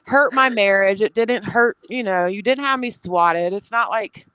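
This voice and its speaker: Woman guest, smooth and clear voice, frank and reassuring casual chat, dry sound. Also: medium pitch, a little slow, sharp tone, dry recording, poor audio. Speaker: live stream guest.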